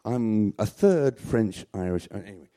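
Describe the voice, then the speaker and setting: Deep, dark-toned man, animated, jokey storyteller at a small club. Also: normal speed, no echo, studio quality. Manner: rambling, joking, self-mocking. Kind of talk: live comic storytelling.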